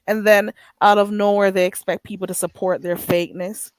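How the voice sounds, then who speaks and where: A woman's voice: mid-range voice, dry recording. A woman hosting a live stream, chatting casually and gossiping while reading out viewer comments, often stretching out "ooh". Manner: animated and gossipy, with frequent drawn-out "ooh"s.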